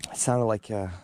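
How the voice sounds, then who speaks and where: A man filming himself while camping alone at night in a forest, shaken, hushed and halting as he talks to his dog. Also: on the low side, dry recording. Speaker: solo camper. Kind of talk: nervous self-filmed footage. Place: dark forest campsite at night, outdoors.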